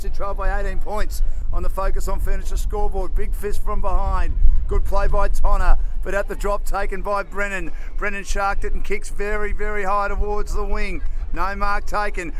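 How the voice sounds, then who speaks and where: An Australian man giving fast play-by-play commentary on a local football match from an outdoor commentary position, raising his voice at key moments. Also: high-pitched, slight background noise. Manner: rapid play-by-play, rising to shouts at key moments.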